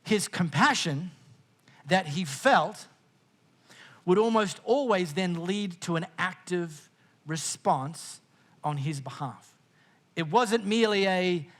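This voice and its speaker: A middle-aged Australian man preaching a sermon as pastor, conversational and jokey, with frequent quick restarts. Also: on the high side, animated.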